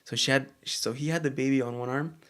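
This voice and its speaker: A man co-hosting a casual chat show, talking in a halting way with many fillers and restarts. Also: mid-range voice, steady tone, fairly bright tone. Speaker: co-host.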